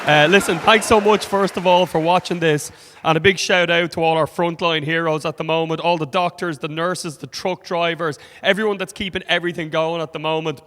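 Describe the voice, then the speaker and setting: A man's voice: on the high side, fairly even intonation, fairly quick, a bit bright, big-room sound. A man with an Irish accent doing a stand-up comedy set, telling stories with wry, punchy asides. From Ireland.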